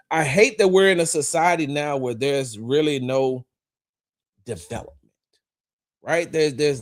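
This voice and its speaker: Fired-up man ranting on a sports stream. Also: mid-range voice. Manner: animated, rambling, addresses chat viewers directly; profane, confrontational asides. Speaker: sports talk show host. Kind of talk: livestreamed football commentary.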